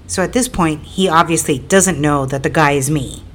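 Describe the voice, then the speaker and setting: A woman's voice: low voice, normal speed. A woman telling a personal story in a casual, rambling way, repeating herself with fillers and building to emphatic, indignant stretches.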